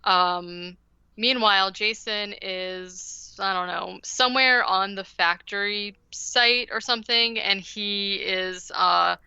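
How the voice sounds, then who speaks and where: A woman's voice: medium pitch, fairly even intonation, slow, gravelly, bright, forceful tone, smooth, no room sound, dull audio. A woman podcast host casually recapping a movie, rambling with lots of "like" and "um". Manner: rambling, heavy use of "like" and "um".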